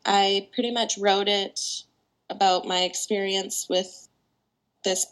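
A young woman with a morning voice, a guest singer-songwriter chatting casually in a podcast interview, full of "like" and "um" and quick laughs. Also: medium pitch, fairly even intonation, a bit bright. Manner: chatty, laughs often, many fillers like "like" and "um".

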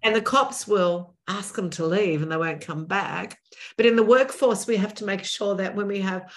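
A woman in her sixties, a podcast guest, talking in an assertive, animated way and acting out what people would say. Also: medium pitch, moderate pace. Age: 60s. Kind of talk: animated interview talk.

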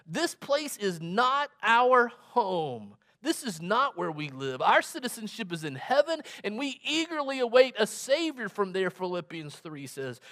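A male pastor preaching a sermon, slow and deliberate, leaning on emphatic repetitions. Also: high-pitched, a bit bright.

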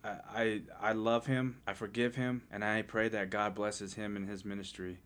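A man's voice: lowish voice, flat delivery, normal speed, fairly bright tone, slight background noise. A man sharing an earnest personal testimony in casual podcast chat, often restarting his sentences. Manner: earnest, heartfelt storytelling with frequent restarts.

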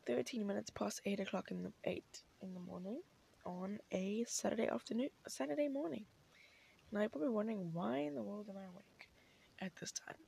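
A woman's voice: mid-range voice, creaky, darkish tone, slightly rough. A young woman hosting a casual solo podcast in rambling, chatty talk, her voice scratchy from the morning, recorded inside a parked car. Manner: rambling, chatty, many fillers and restarts. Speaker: podcast host.

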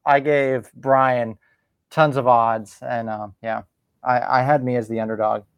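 A man's voice: mid-range voice, steady tone, unhurried, clean tone, no room sound, muffled recording. A man playing contestant on a friendly trivia game, making wry self-deprecating jokes. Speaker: podcast host, quiz contestant. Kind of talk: casual banter.

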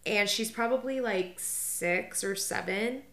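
A young woman chatting on a podcast, winding through anecdotes with a steady stream of "like" fillers. Her voice sits at an ordinary middle pitch. It bounces around a roomy, echoey space. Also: takes it slowly. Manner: rambling storytelling, heavy filler "like". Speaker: podcast co-host. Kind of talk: casual chat.

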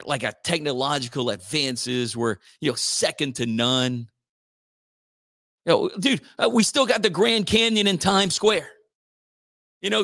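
A man's voice: a little high, pushed and bright. A male radio host rambling through sports news in a slangy, casual chat. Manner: rambling, slangy, says dude a lot.

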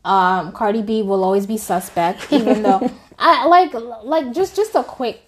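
A woman's voice: fairly high pitch, moderate pace. A young adult woman co-hosting a podcast, chatting in an opinionated way and repeating her points for emphasis. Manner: emphatic, repeats phrases for effect. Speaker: podcast co-host. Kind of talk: casual opinionated chat.

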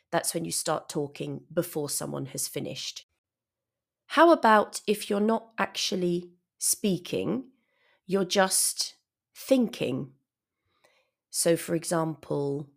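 A woman's voice: low voice, creaky. A woman giving a patient English vocabulary lesson, explaining words and acting out short examples. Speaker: English teacher.

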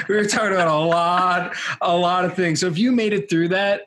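A man's voice: sits high, steady tone, normal speed, very noisy. A young man co-hosting a podcast, rambling and hesitant, laughing between thoughts. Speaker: podcast co-host. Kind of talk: casual podcast chat.

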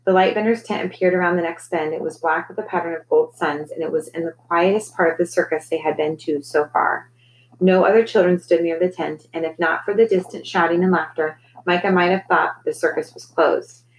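A woman, a teacher, reading a children's novel aloud in a gentle, clear storytelling manner. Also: fairly low pitch, steady tone, a little fast, a little hiss or hum, rough recording.

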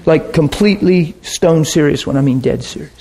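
A man preaching and telling a story to a congregation, animated and quick to laugh, with bursts of sound effects. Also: on the high side, vocal fry, husky. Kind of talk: sermon storytelling.

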